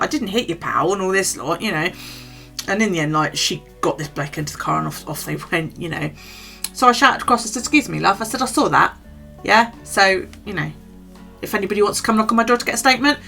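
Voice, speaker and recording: A woman's voice: mid-range voice, vocal fry, pushed and bright. A middle-aged British woman vlogging, telling a gossipy story in casual, chatty talk and swearing freely. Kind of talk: casual chat to camera.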